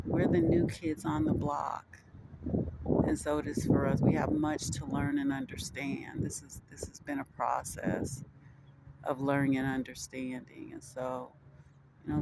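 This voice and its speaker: A man hosting his own video, talking gently and haltingly to viewers, repeating words and coaxing them to answer aloud. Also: on the high side, creaky, background noise. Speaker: video host teaching viewers. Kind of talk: slow, gentle monologue to the camera.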